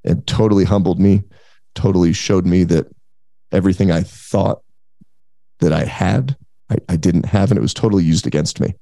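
A man's voice: deep voice, moderate pace, creaky, long pauses, no room sound, clean studio sound. A man in his thirties, a podcast guest, telling a story in casual talk and acting out the voices of the people in it. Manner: animated, acts out quoted voices.

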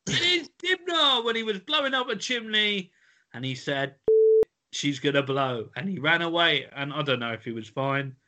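A man's voice: high voice, animated, normal speed, pushed and bright. A man hosting a podcast quiz in casual chat, playful and giggly, often tripping over his words. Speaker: podcast host running a quiz.

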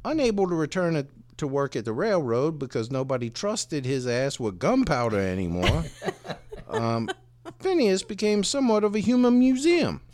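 Male podcast host, lively swearing storyteller, slightly high voice. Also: normal speed. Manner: profane, laughing, joke-telling storyteller. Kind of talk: casual comedic podcast chat.

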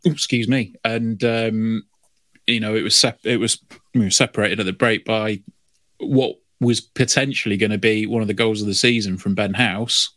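A man's voice: fairly low pitch, steady tone, moderate pace, a bit bright, dry recording. A man co-hosting a football podcast, talking in a rambling way with many fillers. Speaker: podcast co-host. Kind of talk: casual chat.

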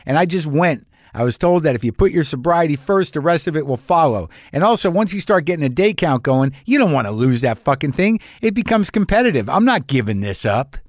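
A man's voice: a little high, dry recording, studio quality. A man telling a confessional stand-up story in a profane, self-deprecating, rambling way. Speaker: stand-up comedian.

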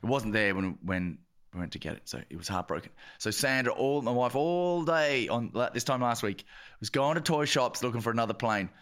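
A man's voice: mid-range voice, expressive, fairly quick, a bit bright, smooth. An Irish man co-hosting a comedy podcast in a studio, telling rambling stories and laughing often. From Ireland. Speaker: podcast co-host. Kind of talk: casual comedic chat.

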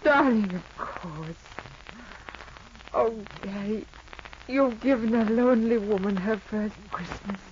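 A woman's voice: medium pitch, slow, darkish tone, natural voice. An actress playing a lonely, wealthy unmarried woman in her forties who speaks emotionally, in 1940s radio acting style. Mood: tender, emotional. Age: 40s. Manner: emotional, breathy sighs of endearment. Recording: muffled old radio recording with clear hiss.

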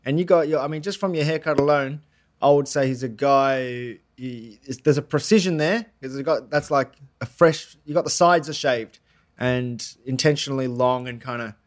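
An Australian man hosting a podcast. He rambles playfully, restarting sentences as he goes. His pitch is ordinary for a man. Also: moderate pace. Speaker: podcast host. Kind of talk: casual podcast chat.

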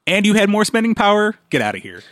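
A man's voice: high-pitched, big pitch swings, fast, fairly bright tone, dry recording, studio quality. A man co-hosting a casual podcast chat, rambling and trailing off with chuckles.

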